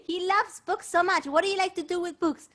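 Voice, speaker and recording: A woman's voice: very high voice, steady tone, brisk, a bit bright. A woman hosting a bilingual children's show, playful and encouraging as she talks to the kids. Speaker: children's performer.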